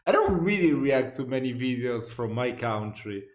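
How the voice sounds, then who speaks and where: A man's voice: medium pitch, sing-song, moderate pace. A young Italian man with an Italian accent, reacting casually to a video and laughing often. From Italy. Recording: roomy echo.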